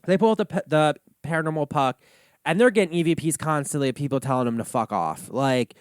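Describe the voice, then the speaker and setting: Sassy ranting man, smooth voice. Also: on the high side, fast, dry recording, clean studio sound. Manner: sassy, animated ranting with frequent swearing. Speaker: host. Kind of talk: comedy monologue reaction.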